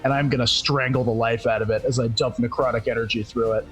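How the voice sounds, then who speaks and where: A man's voice: medium pitch, fairly even intonation, fast talker, fairly bright tone, faint music behind. A man playing a tabletop game, vividly and dramatically describing his character's attack. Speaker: player.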